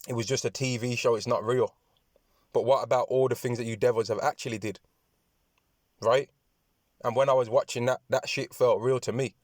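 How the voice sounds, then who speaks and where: Man, preaching commentary, scripture reading, monotone delivery, dry close sound, halting repetitive phrasing. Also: medium pitch, dry recording. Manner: repetitive, halting, many restarts; addresses listeners with "man" and "right". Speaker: religious speaker.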